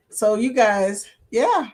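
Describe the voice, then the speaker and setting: Woman, livestream host, slightly high voice, chatty and laughing, reads comments aloud. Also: darkish tone. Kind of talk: casual livestream chat reading comments.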